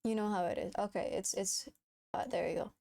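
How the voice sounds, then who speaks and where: A woman streamer chatting casually on a live stream, excitable, laughing a lot and swearing. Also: mid-range voice, fairly quick, gravelly.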